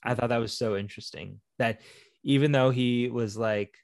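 A man's voice: medium pitch, steady tone, normal speed, creaky, a little mellow, dry recording, clean studio sound. Rambling man discussing a film. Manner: rambling, thinking aloud with fillers.

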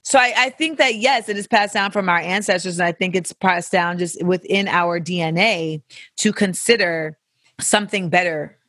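A podcast host giving casual advice in an animated way, with profanity and joking asides. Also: medium pitch, moderate pace, no room sound. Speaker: podcast host answering listener questions.

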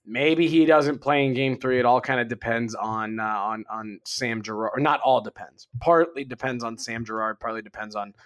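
A man hosting a sports podcast, steering the talk into breaks in an upbeat, casual way. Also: medium pitch. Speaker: podcast host.

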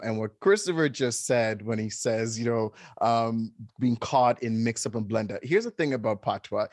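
A man's voice: medium pitch, no room sound. Chatty man with a dry voice. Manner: chatty, animated storyteller who laughs often. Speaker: podcast co-host. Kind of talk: casual chat.

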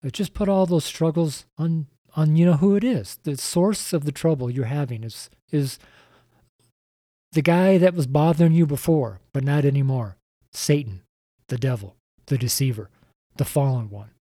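A man's voice: on the high side, normal speed, mellow, dry recording, studio quality. A man preaching on a podcast, earnest and repetitive, speaking straight to the listener. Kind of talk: evangelistic podcast sermon.

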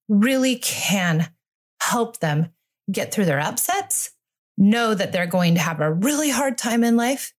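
Woman, podcast host, reflective, earnest, solo monologue on parenting. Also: mid-range voice. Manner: reflective, earnest, acts out dialogue. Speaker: podcast host and family therapist.

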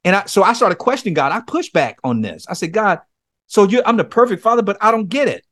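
A man's voice: high voice, big pitch swings, quick pace, a bit bright, no echo, studio quality. A man speaking as a guest, earnestly telling a personal story and acting out his own pleas. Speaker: podcast guest, men's coach. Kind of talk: conversational testimony.

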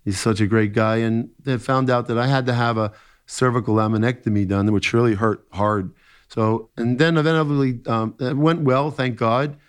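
A middle-aged man, a therapist, telling his own story in an interview, halting with many fillers and restarts and an occasional joke. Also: medium pitch, fairly even intonation, clear, resonant tone.

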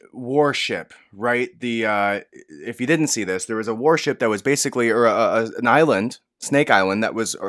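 A man giving casual, profane commentary on news videos, swinging from hushed retelling to loud outbursts. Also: medium pitch.

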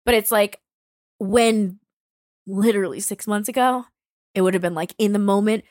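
A young woman talking bluntly in a casual chat, animated and swearing freely. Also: fairly high pitch, normal speed, no echo, studio quality.

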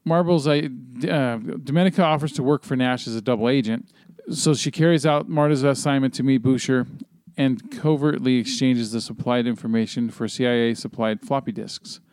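A man's voice: medium pitch, moderate pace, a little mellow, smooth, no room sound, studio quality. A man hosting a podcast, recapping a film plot in a loose, rambling way, full of fillers and casual swearing. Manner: rambling with many ums and swearing, reading a plot summary. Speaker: podcast host.

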